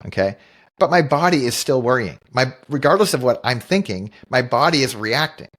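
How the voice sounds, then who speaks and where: A man's voice: medium pitch, expressive, moderate pace, a bit bright. A middle-aged man co-hosting a podcast, telling a personal story in an earnest, reflective way and often restarting his sentences. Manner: earnest, thoughtful, with frequent restarts. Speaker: podcast co-host. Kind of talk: reflective storytelling in casual conversation.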